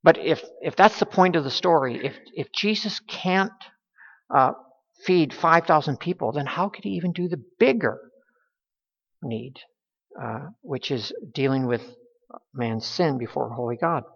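A man preaching a sermon as pastor, halting, with many restarts and fillers. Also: on the high side, expressive, gravelly, a bit bright, husky. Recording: dull sound with long hall reverb.

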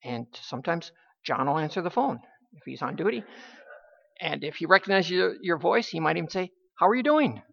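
A woman preaching a sermon in a halting, emphatic way, with many restarts. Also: deep voice, expressive, creaky, slightly rough. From United States. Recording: dull lo-fi recording.

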